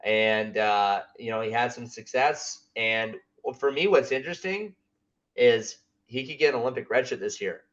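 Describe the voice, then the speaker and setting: A man co-hosting a podcast, talking in a measured, hedging way and repeating his points. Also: mid-range voice, a bit bright, lo-fi sound. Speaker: podcast co-host. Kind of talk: casual chat.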